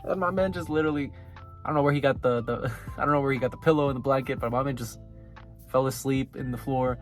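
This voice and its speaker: A man's voice: medium pitch, fairly even intonation, fast, soft background music. Casting male anime reviewer, mid-range voice, loose chatty recap, laughs a lot. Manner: loose, filler-heavy, laughs often. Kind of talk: casual episode recap.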